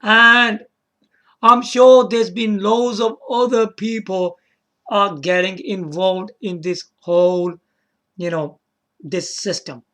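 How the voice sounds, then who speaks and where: Man, solo video commentary, unhurried delivery, rambling, repetitive, chatty. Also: high voice, fairly even intonation, a bit bright. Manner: rambling, repeats words, keeps checking in with "yeah?"; chuckles to himself and apologizes. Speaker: video game vlogger.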